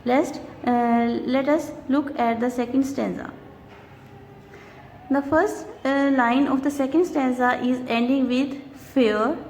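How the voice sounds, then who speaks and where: A woman teaching an English poetry lesson, speaking slowly and deliberately and counting syllables aloud. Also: high-pitched, fairly even intonation, a little mellow. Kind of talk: recorded classroom lesson. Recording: long reverb, faint noise.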